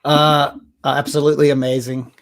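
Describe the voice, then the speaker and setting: A man co-hosting a podcast in casual chat, talking in an excited, emphatic way. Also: on the high side, normal speed. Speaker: podcast co-host.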